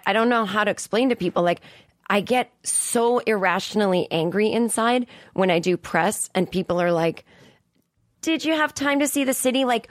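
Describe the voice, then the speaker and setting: A woman in her forties talks into a studio mic in a loose, exasperated monologue, swearing freely and pushing her voice up when she gets worked up. Her pitch sits in a middling range, and the sound is dry and close with no room echo. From Boston area. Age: 40s. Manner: profane, exasperated rant with frequent emphatic rises. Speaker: comedian podcast host. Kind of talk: casual monologue.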